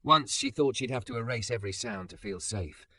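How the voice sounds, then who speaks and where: Man, narrator, soft lingering storytelling, dry close sound. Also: medium pitch, lively intonation, brisk, dry recording. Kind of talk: scripted romance narration.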